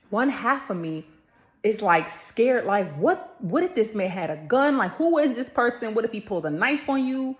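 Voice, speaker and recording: A woman's voice: on the high side, big pitch swings, moderate pace. A woman, chatting casually to camera and telling a story, addressing viewers as y'all and acting out the voices in it.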